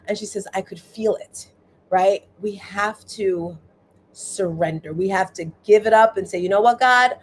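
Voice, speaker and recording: Woman doing a chatty motivational livestream, keeps checking in with viewers, mid-pitch voice. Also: normal speed, a little hiss or hum. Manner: animated, chatty, addresses viewers directly, frequent "right?". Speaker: livestream host.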